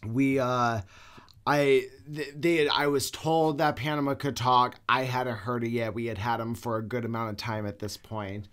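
A young man co-hosting a podcast, telling a story in casual, animated chat and swearing freely. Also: medium pitch, moderate pace, clear, resonant tone. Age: young adult. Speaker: podcast co-host.

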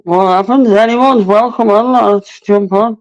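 A man hosting a live stream, excitable and laughing, swearing freely. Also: sits high, unhurried. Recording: dull lo-fi stream audio.

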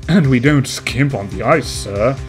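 A man's voice: mid-range voice, measured pace, faint music behind, close to an everyday voice. A man voicing a nervous, evasive male hotel room-service worker in a game playthrough, stammering and overly polite.

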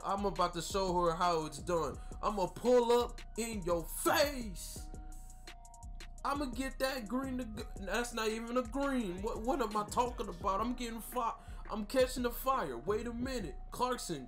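Young-sounding dude hyping up his basketball game, high voice, slangy trash talk, faint game music behind him. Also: expressive, normal speed, hardly any pauses, a bit bright. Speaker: gaming YouTuber. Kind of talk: gameplay commentary.

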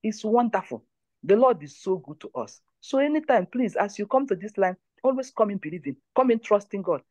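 A woman's voice: mid-range voice, very animated, fairly quick, a little mellow, dry recording. A woman leads a prayer line, giving testimony and exhortation in an emphatic, repetitive way. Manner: emphatic, repeats phrases.

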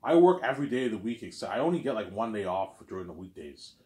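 A man's voice: lowish voice, very animated, fast talker, mellow. A man telling a story in a casual, rambling monologue, repeating himself and asking "you know what I'm saying?". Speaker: vlogger.

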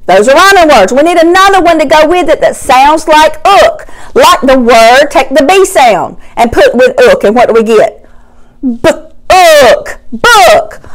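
A woman teaching young children a phonics lesson, cheerful and sounding out words slowly. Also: high-pitched, poor audio.

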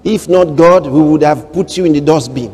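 A man preaching a sermon as pastor, swinging between hushed storytelling and loud proclamations and acting out quoted voices. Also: fairly high pitch, normal speed, in a large hall, heavy background noise.

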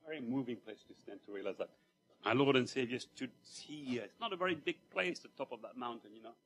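A man's voice: medium pitch, a little fast, a bit bright. A man from Mauritius, preaching a sermon in church in a conversational storytelling way, with asides to the congregation. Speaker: lay preacher.

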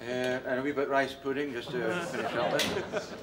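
A man's voice: medium pitch, steady tone, normal speed, far from the mic, a loud crowd, very noisy, close to an everyday voice. A man playing a greedy, gushing Scottish diner. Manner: greedy, effusive, fussing over food. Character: greedy, gushing middle-aged man ordering food. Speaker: hungry train passenger at a canteen. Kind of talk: 1980s TV sketch comedy acting.

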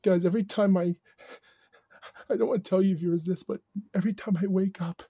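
A man's voice: high-pitched, warm tone, slightly rough, no room sound, lo-fi sound. A man talking anxiously to camera in a vlog, repeating himself and sometimes dropping into panicked whispers. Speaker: vlogger. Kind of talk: distressed vlog monologue.

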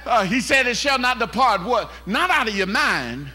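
A male pastor preaching a fervent call-and-response sermon in a church, rising to shouts. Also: extremely high pitch, very animated, normal speed. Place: church sanctuary. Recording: live church service with organ music behind.

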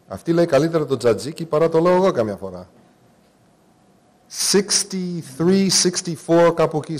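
A man's voice: on the high side, a little mellow. Man giving a business talk. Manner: mixes Greek and English, conversational. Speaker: conference speaker. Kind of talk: business presentation.

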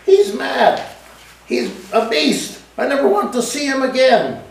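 A man's voice: very high-pitched, sing-song, a little slow, vocal fry, a little hiss or hum, pitched above the performer's own voice, exaggerated voice. A man voicing an indignant young French wife crying out against her husband. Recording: echoey room, mic at a distance.

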